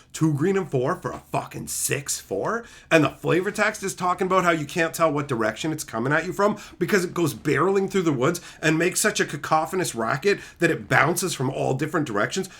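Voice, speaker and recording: A man hosting a live stream, chatting excitedly and profanely with his viewers and acting out friends in loud voices. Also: on the high side, slightly rough. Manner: profane, excitable, rants about cards.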